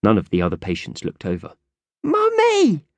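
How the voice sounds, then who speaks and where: A man narrating a children's audiobook with expressive storytelling. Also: deep voice, normal speed, no room sound. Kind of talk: scripted narration.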